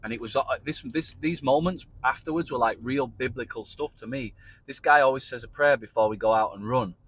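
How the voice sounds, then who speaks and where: A man's voice: medium pitch, fairly quick, fairly bright tone, husky, dry recording, low-quality recording. A man casually telling his own story to camera in a loose, chatty way, with frequent restarts and the odd swear word.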